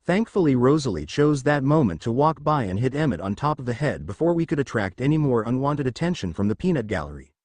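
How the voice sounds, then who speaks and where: A man reads first-person fan fiction aloud in a steady storytelling voice. His middle-pitched voice moves in lively contours, recorded close with no room sound. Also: dry recording. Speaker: narrator.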